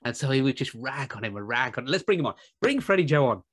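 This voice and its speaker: A man's voice: mid-range voice, very animated, fast talker, fairly bright tone. A man joking, swearing and laughing in casual chat with castmates, heard over a video call. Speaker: actor on a cast reunion panel.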